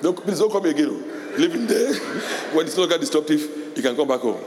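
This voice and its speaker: A middle-aged man preaching a sermon as pastor, animated, laughing often and shouting in a high voice when quoting parents. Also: a little fast, a crowd in the background. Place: church hall. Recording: echoey hall with long reverb.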